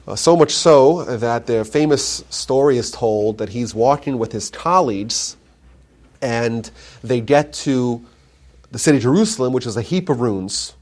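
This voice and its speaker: A man lecturing live to a room, telling old stories in a voice of middling pitch. He tells them with animated rises in volume for emphasis. He often stops and restarts his sentences as he thinks aloud. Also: unhurried. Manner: animated retelling, swells louder for emphasis, frequent restarts. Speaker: lecturer on Jewish history. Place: lecture room at a community centre.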